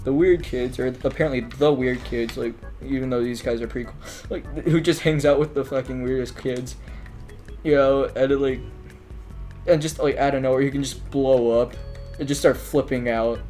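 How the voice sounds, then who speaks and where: A man's voice: medium pitch, steady tone, normal speed, warm tone, soft background music. A man telling school stories in a casual, rambling monologue, full of filler words, restarts and offhand swearing.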